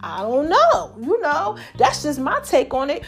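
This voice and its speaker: A woman's voice: sits high, big pitch swings, a little slow, gravelly, fairly bright tone, soft background music. A woman hosting her own podcast in casual solo chat, laughing often and calling her listeners baby and y'all. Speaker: podcast host.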